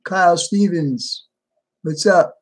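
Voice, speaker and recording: The livestream host has a high-pitched, slightly rough voice and takes his time. He sounds a little tired while casually calling out viewers' names and answering what they write in chat.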